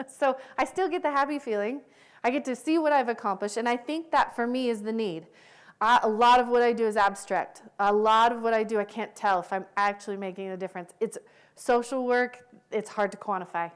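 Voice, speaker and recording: A middle-aged woman presents at a conference with a smooth, resonant voice. She speaks candidly about her work and laughs often. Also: on the high side. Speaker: conference speaker, social worker. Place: conference hall.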